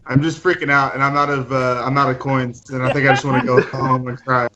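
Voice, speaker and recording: A man's voice: mid-range voice, little pitch movement, normal speed. Laid-back young man on a laggy call. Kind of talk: casual chat over a laggy call. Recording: dull laggy call audio with crowd noise.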